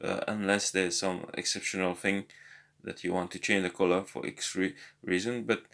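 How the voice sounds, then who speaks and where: A man's voice: low-pitched, little pitch movement, moderate pace, vocal fry, a bit bright. Hesitant man teaching a language lesson. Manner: hesitant, many fillers and restarts. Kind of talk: casual spoken lesson.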